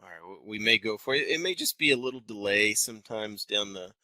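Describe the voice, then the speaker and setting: A man's voice: lowish voice, lively intonation, fairly quick, pushed and bright, dry recording, rough recording. A man in his thirties from Texas with a faint Texan twang, hosting a live webinar from an office, talking conversationally and enunciating carefully. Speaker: wealth manager hosting a webinar. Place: office building.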